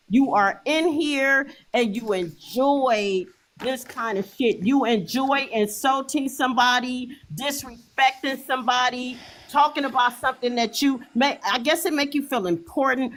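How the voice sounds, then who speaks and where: A middle-aged woman on a livestream with a fairly high voice. She rants in a heated, profane way and repeats herself again and again. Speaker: livestream host. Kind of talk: angry livestream rant.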